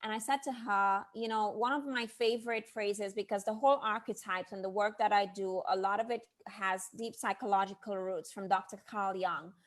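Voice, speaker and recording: A woman hosting an interview podcast as a brand coach, telling stories with lively quoted asides. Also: medium pitch, moderate pace, hardly any pauses. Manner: animated storyteller, quotes people in lively asides. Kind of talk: casual interview chat.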